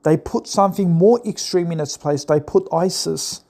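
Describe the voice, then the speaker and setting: A man's voice: fairly high pitch, normal speed, a little mellow. A man delivering a sarcastic, mocking political commentary monologue, often mimicking the people he criticizes. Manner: sarcastic and mocking, mimics opponents in put-on voices.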